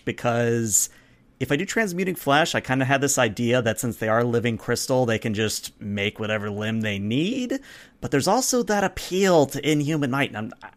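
A man of middling pitch talks through his tabletop character in easygoing chat. He rambles, corrects himself and slips in jokes as he goes. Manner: rambling and self-correcting, joking, quick to laugh. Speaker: tabletop game player. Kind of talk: casual chat about building a character.

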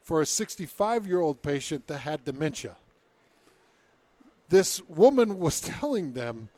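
A radio host telling a news story and reading quotes, in a casual, lively storytelling manner. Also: male voice, on the high side, unhurried, dry recording. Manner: storytelling, reads quotes in a put-on British accent.

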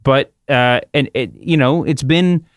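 A man's voice: mid-range voice, unhurried, smooth, dry recording, studio quality. A man hosting a wrestling podcast in casual chat, rambling and restarting his sentences. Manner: rambling, self-interrupting. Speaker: podcast host.

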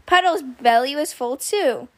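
A woman hosting a children's story podcast, reading aloud in a gentle, expressive way. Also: high voice, unhurried. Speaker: host, storyteller.

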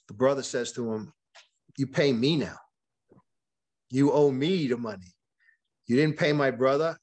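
Man, podcast guest, mid-pitched, chatty storyteller, lots of restarts and quoted lines. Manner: frequent restarts and repeated words; retells events with quoted dialogue. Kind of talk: conversational storytelling in an interview.

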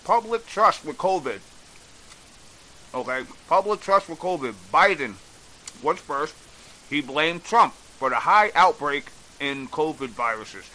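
A man's voice: on the high side, expressive, unhurried, bright, forceful tone, rough recording. A man delivering a blunt, exasperated opinion rant on a vlog, swearing freely as he goes. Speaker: political commentator.

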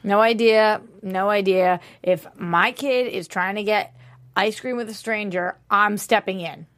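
A woman's voice: medium pitch, unhurried, fairly bright tone. A woman on a TV after-show panel, chatting casually with blunt, jokey opinions. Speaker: podcast panelist.

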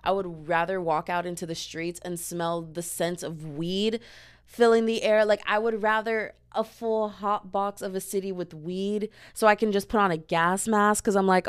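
A young woman from the States, hosting a podcast as a sassy, chatty comedic monologue with sudden loud outbursts. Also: mid-range voice, level tone, moderate pace, clean tone. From Southern United States. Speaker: podcast host.

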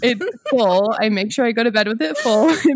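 Giggly chatty young woman, high voice. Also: lively intonation, brisk, no echo, studio quality. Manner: giggly, chatty, lots of fillers. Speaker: podcast co-host. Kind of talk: casual chat.

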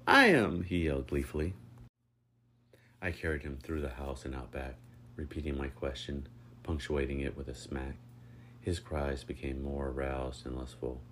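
A man reading a first-person story aloud in a steady, unhurried way. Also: extremely low pitch, slight background noise. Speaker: narrator.

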